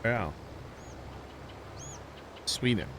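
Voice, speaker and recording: A man's voice: drawn-out words, a bit bright, slight background noise. A man from Missouri with a St. Louis accent, chatting casually with stream viewers while playing a game, rambling and laughing easily. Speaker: livestream gamer.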